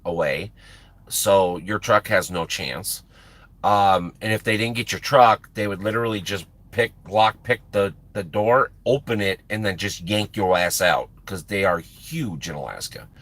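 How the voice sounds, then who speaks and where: A man's voice: fairly low pitch, fairly bright tone, no echo. A man, a truck driver chatting casually with his livestream viewers, rambling and repeating words for emphasis. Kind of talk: casual chat with stream viewers.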